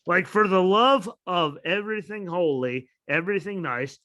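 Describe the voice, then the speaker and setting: A young man co-hosting a casual wrestling podcast, ranting with lots of swearing and sudden shouted bits of quoted dialogue. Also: high voice, moderate pace. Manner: ranting, profane, animated, shouts out quoted lines. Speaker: podcast co-host.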